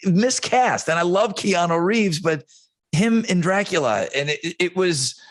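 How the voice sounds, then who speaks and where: Male podcast co-host, opinionated, lively pitch swings, slightly higher voice. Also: unhurried. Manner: animated, opinionated, swears for emphasis. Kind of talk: casual chat about movies.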